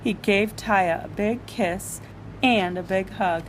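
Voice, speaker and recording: A woman reading a picture book aloud, animated and often laughing as she goes. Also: medium pitch, slow, over a noisy crowd. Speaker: storyteller. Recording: loud background noise.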